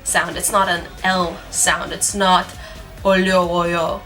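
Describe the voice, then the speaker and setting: A woman's voice: lowish voice, fairly even intonation, a little slow, creaky, pushed and bright. A young woman giving a casual video lesson, chatty and giggly, sounding out examples as she goes. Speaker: language teacher. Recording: faint music underneath.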